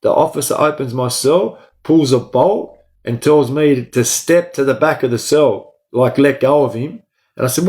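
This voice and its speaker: A man's voice: medium pitch, moderate pace, a little mellow. A man with an Australian accent, a guest in an interview, telling a story from his time in prison in a blunt way, swearing often and checking in with "right?".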